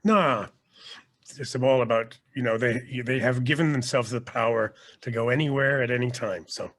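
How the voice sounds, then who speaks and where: Rambling, lively male storyteller. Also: medium pitch, normal speed. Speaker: guest, actor and teacher. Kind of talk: casual podcast interview.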